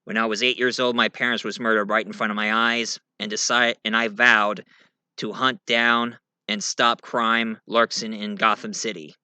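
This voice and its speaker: A man voicing a grim masked male vigilante who speaks low, quiet and serious in a fan-made audio drama. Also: level tone, normal speed, clean tone, no room sound.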